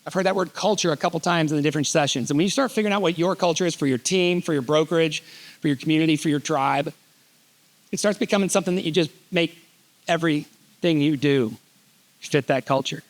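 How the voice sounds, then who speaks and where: A middle-aged man giving an animated storytelling keynote on a conference stage, joking as he goes. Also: a little high, fast talker. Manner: animated, reads letters aloud, jokey asides. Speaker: keynote speaker.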